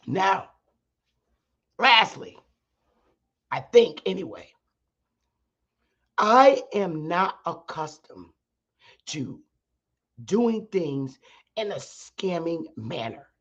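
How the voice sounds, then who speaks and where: A middle-aged woman hosting her own stream, talking bluntly and profanely to her audience and rising into sharp shouts at times. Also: fairly low pitch, big pitch swings, drawn-out words, pauses often, breathy edge, highs cut off. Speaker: channel host teaching her audience. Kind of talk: heated livestream monologue.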